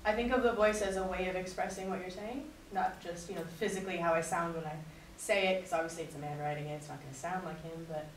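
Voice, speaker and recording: A woman's voice: lowish voice, fairly even intonation, fast talker, hardly any pauses. Earnest woman heard from across an echoey room. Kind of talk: class presentation and dramatic letter reading. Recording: echoey room recorded from a distance, faint noise.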